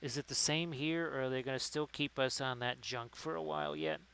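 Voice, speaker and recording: A man with a clear, resonant voice hosting a casual livestream. He rambles from one thing to the next and reads viewers' messages aloud. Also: medium pitch, fairly even intonation, fairly quick, fairly bright tone, rough recording. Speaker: livestream host. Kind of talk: casual chat while painting.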